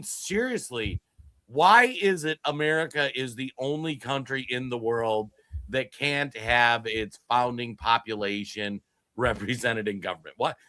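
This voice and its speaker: A man co-hosting a political podcast, his voice swinging widely and sounding bright and forceful. He talks in an emphatic, animated way and often restarts his sentences. The sound is close and dry. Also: medium pitch, dry recording. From Minnesota. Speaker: podcast co-host. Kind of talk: political commentary chat. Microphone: streamed podcast mic.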